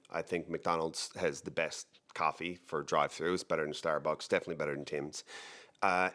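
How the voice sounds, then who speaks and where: A man with a very low, deep voice talks casually to the camera as the host of a real estate show. He rambles and jokes, stops himself mid-thought, and restarts his sentences. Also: fairly bright tone. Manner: rambling, joking, self-interrupting.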